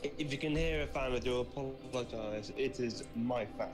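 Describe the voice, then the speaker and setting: A man's voice: medium pitch, normal speed, over music. A man chatting casually with a streamer, hesitant and laughing often. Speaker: call guest. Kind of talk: casual chat.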